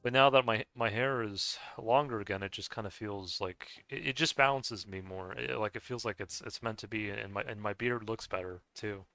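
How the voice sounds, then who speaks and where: A man from the United States, a gaming streamer, chatting casually while he plays, rambling and halting with many restarts and soft chuckles. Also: lowish voice, creaky, clear, resonant tone, dry recording. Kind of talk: casual chat while playing a game.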